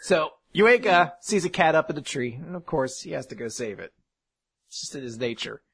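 A man's voice: a little high, expressive, normal speed, creaky, slightly rough. A man casually recapping a story, laughing often and acting out the characters' lines. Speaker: podcast host recapping an anime.

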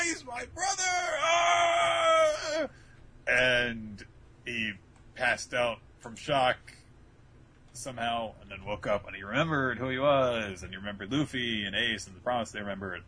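A man speaking at normal speed in a fairly low voice recaps an anime episode on a relaxed podcast he co-hosts. His retelling is lively, and he switches into loud character voices for the quotes.

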